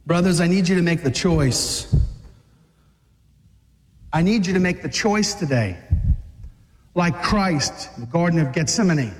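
A man preaching a fiery sermon to men, dramatic, acting out scenes and shouting at the peaks. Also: high-pitched, big-room sound.

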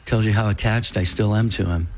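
A man's voice: on the low side, steady tone, fairly quick, a little mellow. A man co-hosting a call-in radio show, speaking in an earnest, reflective way. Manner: earnest, reflective, faith-based. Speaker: radio co-host.

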